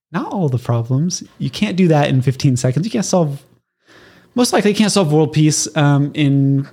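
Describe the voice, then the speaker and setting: Socal guy talking through tips on his podcast, laid back, laughs a lot, plays out what his listeners would say. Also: medium pitch. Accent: Southern Californian. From Southern California. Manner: conversational, animated, laughs often, acts out listener reactions. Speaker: podcast host. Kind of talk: casual solo podcast teaching.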